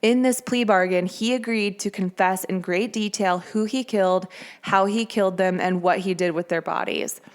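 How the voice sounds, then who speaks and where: A woman hosts her podcast and talks through a true-crime case in a loose, conversational way. Her voice sits at an ordinary middle pitch, and she drops in casual asides as she goes. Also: fairly even intonation, normal speed. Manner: chatty, conversational with fillers. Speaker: podcast host.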